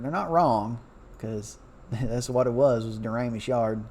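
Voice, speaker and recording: A man's voice: medium pitch, measured pace, darkish tone, slight background noise. A man and former railroad worker talking loosely and chattily, correcting himself as he goes. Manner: loose and chatty, many fillers, self-correcting. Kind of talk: casual rambling talk over a map.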